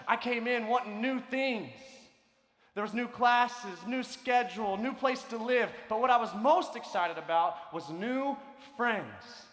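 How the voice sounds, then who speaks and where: A man telling a story in a sermon to students, swinging between loud, lively stretches and hushed ones. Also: high-pitched. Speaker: conference speaker. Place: large hall. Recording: echoey large hall.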